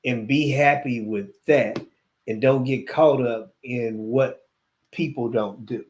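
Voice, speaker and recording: A man's voice: medium pitch, slow, darkish tone, slight background noise. A man co-hosting a casual DJ podcast, talking reflectively and giving advice, with some laughing banter. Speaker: podcast co-host, DJ. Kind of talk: casual chat.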